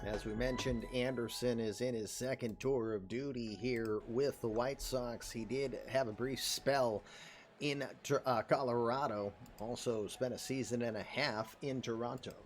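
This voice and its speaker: A man doing casual play-by-play commentary for a baseball game, calling pitches and counts with chatty joking asides. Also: steady tone, unhurried, soft background music. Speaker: play-by-play announcer.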